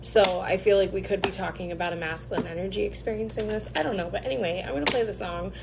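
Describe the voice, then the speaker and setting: A woman's voice: mid-range voice, quick pace, creaky, background noise. A woman giving a casual collective tarot reading, rambling and chatty, often hesitating with ums. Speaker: tarot reader.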